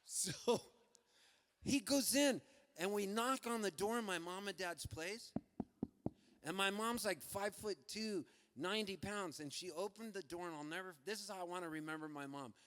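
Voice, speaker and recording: A man telling a funny story between songs at a live festival concert, loose and laughing as he slips into quick voices for the people in it. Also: sits high, a bit bright, big-room sound. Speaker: folk singer-songwriter telling a story on stage. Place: outdoor festival stage.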